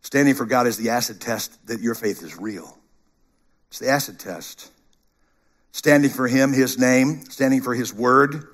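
A middle-aged man preaching a sermon, animated, dropping to a hush and rising to loud bursts. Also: mid-range voice, unhurried. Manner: animated, shifts between hushed and shouted. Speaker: pastor.

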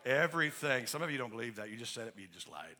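A man's voice: fairly low pitch, animated, racing, bright, forceful tone. A man pastor preaching a sermon in an emphatic, conversational way, asking the congregation to finish his questions. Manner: emphatic and conversational, with frequent restarts.

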